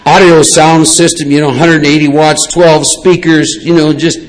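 A man, telling his personal recovery story in a rambling, lively way with many asides. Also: on the high side, moderate pace, poor audio. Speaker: recovery speaker. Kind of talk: personal testimony talk.

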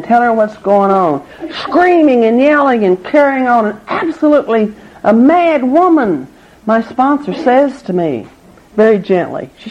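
A middle-aged woman, speaking at a recovery meeting, candid and wry as she tells her own story. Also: a little hiss or hum. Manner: candid, wry, with laughs through hard memories. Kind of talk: personal testimony talk. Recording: muffled low-fidelity recording.

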